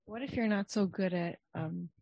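A woman's voice: on the low side, normal speed, vocal fry, dry recording, muffled recording. A woman co-hosting a casual podcast chat, asking questions in a hesitant way with many fillers.

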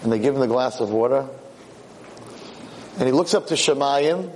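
A man giving a religious lecture, telling a story in an animated way and acting out the characters' words. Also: medium pitch, moderate pace, pauses often, rough recording. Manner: animated storyteller, acts out quotes. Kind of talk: sermon storytelling.

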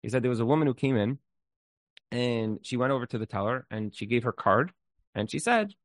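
A man's voice: medium pitch, lively intonation, fairly quick, no echo. A man giving relationship advice in an informal talk, speaking earnestly and emphatically, repeating words as he thinks and mixing in Hebrew terms. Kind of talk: informal spoken talk with storytelling.

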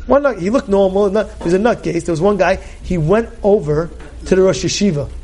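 A man teaching a Torah class as a rabbi, emphatic and animated, with loud outbursts and many rhetorical questions. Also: high-pitched, fairly quick.

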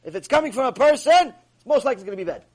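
A man with a fairly high, husky voice delivers a Torah lecture. He speaks emphatically, repeating his points and asking one rhetorical question after another. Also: lively intonation, rapid-fire. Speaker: Torah teacher. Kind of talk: mussar lecture.

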